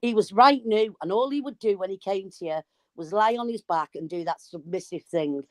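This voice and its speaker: A woman telling a story in casual chat, animated and swearing freely. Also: medium pitch, fairly quick, dry recording. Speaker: live stream guest.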